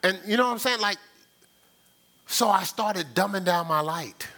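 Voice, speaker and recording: A man's voice: high-pitched, moderate pace. An older man preaching a sermon as pastor, telling stories in a conversational way and talking straight to the congregation. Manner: animated storytelling, sound effects and laughter; conversational, addresses the congregation directly.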